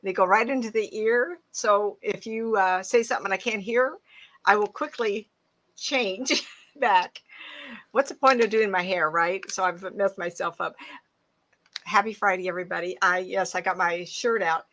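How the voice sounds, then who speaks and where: A woman's voice: mid-range voice, moderate pace, a bit bright. A woman psychic medium talking casually to an online audience through earbuds, chatty and laughing as she tells stories from her life. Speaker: psychic medium guest speaker. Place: home, mid-move.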